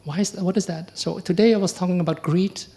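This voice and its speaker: A middle-aged man, a monk giving a conversational dharma talk, often asking the audience questions and acting out quoted exchanges. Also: quick pace. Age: middle-aged or older. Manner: acts out quoted exchanges with lively pitch jumps. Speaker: Buddhist monk teacher.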